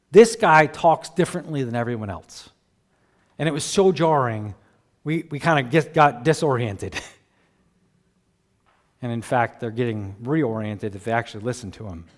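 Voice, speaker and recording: A man preaching a sermon as pastor, animated and conversational, chuckling between points and acting out quoted voices. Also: medium pitch. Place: church sanctuary. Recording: long church hall reverb.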